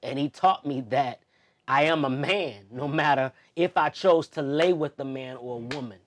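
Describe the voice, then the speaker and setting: A young adult man as an interview guest, speaking heartfelt and expressive, moving between loud emphasis and soft, near-tearful moments. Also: medium pitch, moderate pace. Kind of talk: emotional personal interview.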